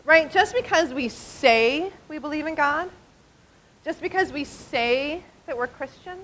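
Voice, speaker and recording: A woman in her forties, a diaconal minister, giving an animated conversational talk at a church conference. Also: sits high, a little hiss or hum, low-quality recording. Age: 40s. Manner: animated and conversational, often asking "right?". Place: conference hall.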